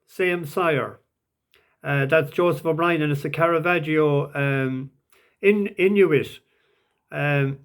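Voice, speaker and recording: A man talking casually through horse racing tips, hesitant and full of fillers and restarts. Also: a little high. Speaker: racing tipster. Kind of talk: casual betting tips talk.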